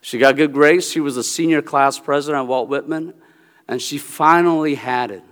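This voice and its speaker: A man with a fairly high voice preaches a sermon, and his words ring out in a hall with a long reverb. He is a pastor from the United States. He tells a family story earnestly and keeps checking in with the congregation. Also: moderate pace, a bit bright. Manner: earnest storytelling, checks in with the audience by asking "Okay?".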